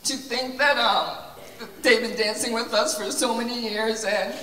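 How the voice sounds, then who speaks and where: A woman's voice: on the high side, fairly even intonation, a little slow, pushed and bright, a little hiss or hum. A woman, a dance teacher, giving an emotional, tearful speech at a recital, reading from notes on her phone. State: choked up. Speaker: dance studio owner and teacher. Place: large auditorium stage. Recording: echoey hall from far off with crowd.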